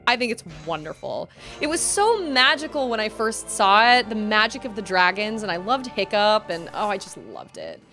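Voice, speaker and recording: A woman's voice: mid-range voice, sing-song, moderate pace, sharp tone, faint music behind. A young woman streaming a video game, chatting casually and breaking into frustrated outbursts and groans at the game. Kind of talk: casual live-stream chat while gaming.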